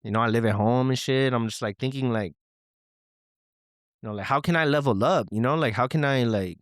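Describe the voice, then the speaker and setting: A man's voice: mid-range voice, a little fast, no echo, clean studio sound, close to an everyday voice. A man voicing a young, slangy male caller who rambles on about his life, full of fillers. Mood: rambling.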